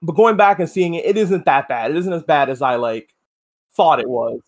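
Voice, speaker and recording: A man co-hosting a podcast in relaxed casual chat, asking questions and giving brief replies. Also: on the high side, normal speed. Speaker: podcast co-host.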